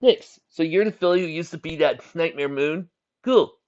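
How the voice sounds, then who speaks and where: A man's voice: on the high side, normal speed, a little mellow, voice pushed up, natural voice. A man voicing a cocky, easygoing young male pony who films everything, in a storybook reading. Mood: casual. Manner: cocky and casual. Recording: dull lo-fi recording.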